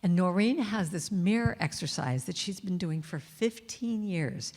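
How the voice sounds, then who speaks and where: A woman's voice: lowish voice, expressive, a little slow. Chatty woman speaker in a reverberant hall. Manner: warm, chatty, playful, acts out quotes and sings snippets. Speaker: inspirational speaker and singer. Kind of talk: spiritual talk to a congregation. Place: large church hall. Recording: long reverb of a large hall.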